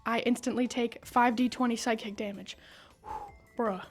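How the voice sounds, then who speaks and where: A woman with a slightly high, steady voice speaks a little slowly, casually recapping a story for her video, with faint music behind her. She's slangy and profane, saying "bruh" and "brother." She talks into a broken microphone in an indoor room with a whiteboard.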